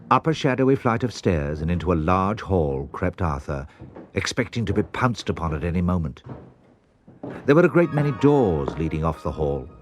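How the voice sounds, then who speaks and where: Low-voiced man reading a storybook. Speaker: audiobook narrator. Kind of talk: storybook narration.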